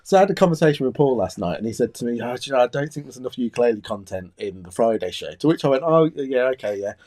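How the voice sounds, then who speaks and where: A man's voice: medium pitch, lively intonation, rapid-fire, warm tone. A man hosting a casual chat show, talking loosely and laughing often. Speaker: show host.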